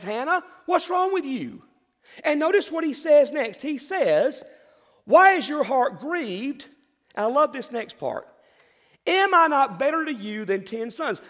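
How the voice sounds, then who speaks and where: A male pastor, preaching a sermon with emphatic delivery and dramatic pauses. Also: very high voice, big-room sound.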